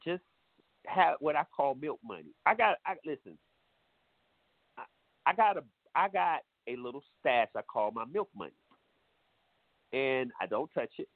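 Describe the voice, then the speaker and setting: A man's voice: medium pitch, lively intonation, a little slow, pauses often, dry recording. Blunt, preachy man on a tinny line. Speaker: radio show host. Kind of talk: casual advice monologue. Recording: tinny phone-like sound.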